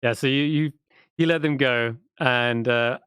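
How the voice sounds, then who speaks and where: A man's voice: mid-range voice, a bit bright, clear, resonant tone, dry recording. A man narrating as dungeon master in a casual, laughing way. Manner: casual, laughing, quick asides. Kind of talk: narrating a tabletop game.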